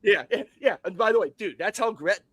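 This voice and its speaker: Bright-voiced laughing male co-host. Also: high voice, animated, fairly quick, dry recording. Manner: laughing, rambling anecdotes. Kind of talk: casual podcast chat.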